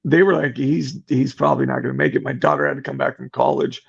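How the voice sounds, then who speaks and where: Gravelly husky middle-aged guy telling a story on a podcast, animated, muffled audio. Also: mid-range voice, fast talker. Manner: animated, acts out quoted voices. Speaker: podcast guest. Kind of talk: casual storytelling.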